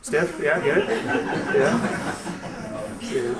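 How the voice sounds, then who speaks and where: A man's voice: moderate pace, a loud crowd. Rambling young-sounding male stand-up comic. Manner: rambling, self-amused, many fillers and restarts; breaks into high squeaky put-on voices for jokes. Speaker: stand-up comedian. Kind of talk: stand-up comedy set. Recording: distant mic, far from the speaker.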